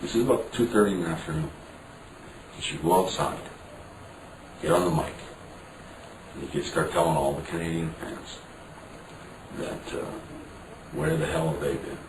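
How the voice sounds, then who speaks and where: A man with an extremely low voice tells a story in a frank, profane way, acting out the dialogue of others. He sits well back from the mic in a roomy, echoing space with steady background noise behind him. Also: normal speed, long pauses, recorded from a distance. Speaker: interview guest. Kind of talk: candid storytelling interview.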